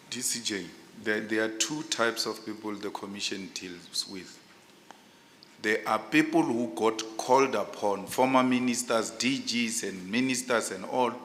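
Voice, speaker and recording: Male commissioner, sharp and tense tone, insistent questioner. Long hall reverb. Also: lowish voice, a little hiss or hum. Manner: forceful and insistent, speaks loudly by habit. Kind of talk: pointed questioning at a hearing.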